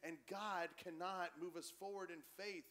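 Male pastor, sermon, higher-pitched, animated, conversational. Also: normal speed. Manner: animated, conversational preaching, acts out quoted voices. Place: church.

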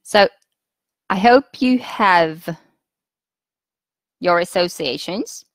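A woman with a Russian accent leading a webinar lesson for teachers, patient and instructive, pausing often with fillers as she thinks. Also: fairly low pitch, expressive, no echo. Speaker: teacher trainer.

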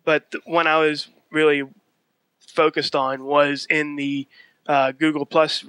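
A man's voice: fairly high pitch, level tone, a little slow, fairly bright tone, clear, resonant tone, dry recording. A man co-hosting a casual podcast, explaining himself with restarts and nervous laughs. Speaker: podcast co-host.

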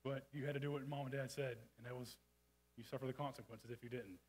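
Fast-talking preacher man. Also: medium pitch, fairly even intonation, darkish tone, slight background noise, rough recording. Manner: folksy, rapid, with frequent restarts and asides. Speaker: church speaker. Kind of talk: casual sermon. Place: church sanctuary.

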